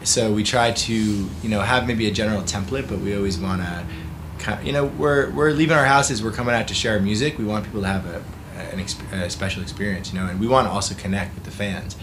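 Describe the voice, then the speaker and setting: Brief: male band guest, lowish voice, rambling and animated, noticeable background noise. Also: fast talker. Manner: animated, rambling, many restarts. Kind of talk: casual interview chat.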